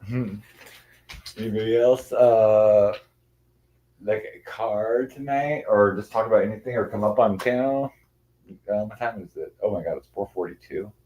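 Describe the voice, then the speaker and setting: A man's voice: lowish voice, a little slow, pauses often, darkish tone. A man chatting casually on a livestream, rambling with many restarts and cooing to his cats.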